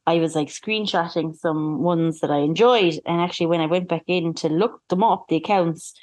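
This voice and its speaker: A woman's voice: on the low side, normal speed, darkish tone. Chatty woman, lots of "like". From Ireland. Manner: chatty, laughs easily, lots of "like". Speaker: podcast co-host. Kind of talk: casual chat.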